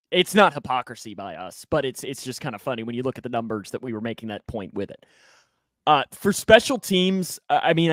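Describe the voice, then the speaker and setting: A man co-hosting a sports podcast who jokes a lot and gets animated, his voice jumping upward when he gets excited. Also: dry recording, clean studio sound. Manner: animated, jokey, pitch jumps up when excited. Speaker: podcast co-host. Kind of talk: casual sports chat.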